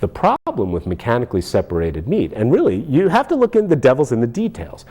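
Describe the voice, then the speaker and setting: A man's voice: mid-range voice, huge pitch swings, fast, warm tone, slightly rough. A man hosting a talk show, ranting with sarcasm and firing off rhetorical questions. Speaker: podcast host. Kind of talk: ranting commentary.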